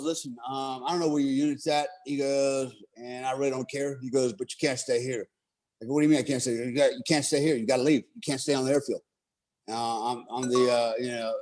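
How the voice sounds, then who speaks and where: Middle-aged man, American, veteran, casual storytelling, animated, swears, laughs. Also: mid-range voice. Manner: animated, swears freely, laughs while telling. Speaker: military veteran telling war stories.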